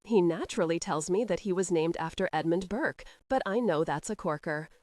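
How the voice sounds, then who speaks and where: A woman's voice: on the low side, fairly quick, darkish tone, no echo, lightly acted. A woman voicing a charming, teasing nobleman who speaks in an easy, casual drawl.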